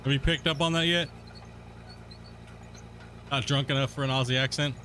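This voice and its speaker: Chatting while he plays on a live stream, this young gamer is relaxed, self-mocking, and curses freely. He speaks at normal speed in a medium-pitched, sharp-toned voice with fairly even intonation, over slight background noise.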